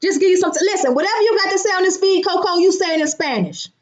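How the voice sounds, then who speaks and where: A woman, hosting a casual livestream from home, loud and profane, greeting viewers by name. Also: extremely high pitch, quick pace, crowd noise. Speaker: livestream host.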